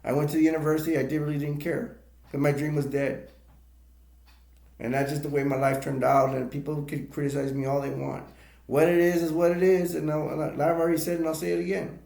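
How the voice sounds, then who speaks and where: A man's voice: a little high, steady tone, a little fast, pauses often, darkish tone. A man rambling emotionally through tears in a live stream monologue, repeating himself as he talks. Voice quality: gravelly. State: crying. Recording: echoey room.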